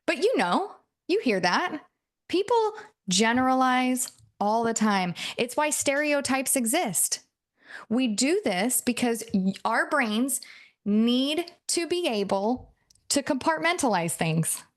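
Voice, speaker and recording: A woman's voice: sits high, sing-song, slow pace. A woman coach teaching a casual lesson, chatty, laughing often and acting out little quoted exchanges. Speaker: NLP coach.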